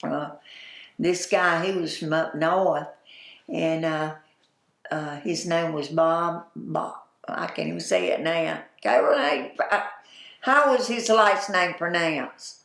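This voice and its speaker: An older woman with a Southern drawl tells her memories in a slow, folksy way, breaking into laughs. Her voice is low and gravelly. The room around her is echoey. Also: fairly bright tone. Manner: folksy, chatty, laughs while telling anecdotes. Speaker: interviewee, former store owner. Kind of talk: oral history storytelling.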